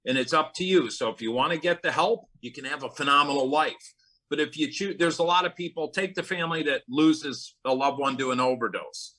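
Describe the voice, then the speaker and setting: The recording is rough, but this middle-aged man's mid-range voice comes through bright and forceful. A guest in a conversational interview, he speaks earnestly about recovery, recounting personal stories with bursts of emphasis.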